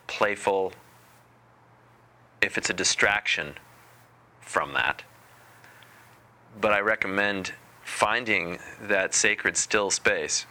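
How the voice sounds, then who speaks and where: Slow, low-voiced meditation teacher. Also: male voice. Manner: unhurried, deliberate, gently playful. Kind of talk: spiritual talk.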